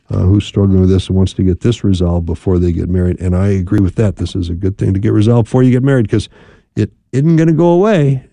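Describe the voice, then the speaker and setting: A calm male radio host gives marriage advice in a low, gravelly voice. His tone is dark and mellow, and the dry studio sound keeps every word close. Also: no room sound. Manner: calm, measured, advising with frequent "right?" checks. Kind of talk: call-in radio advice talk.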